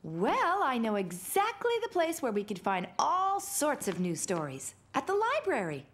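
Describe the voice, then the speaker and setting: Patient cartoon mom, high and very animated, music behind. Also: female voice, measured pace, full character voice. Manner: calm, patient, explaining. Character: warm, busy young mother. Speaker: mommy. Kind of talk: animated children's series dialogue.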